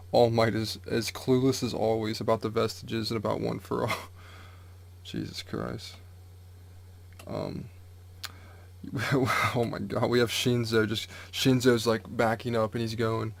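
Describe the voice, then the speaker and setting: Gravelly flat-voiced young man. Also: medium pitch, moderate pace. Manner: excited, swears freely, lots of "like". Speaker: manga reaction YouTuber. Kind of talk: casual live reaction, reading panels aloud.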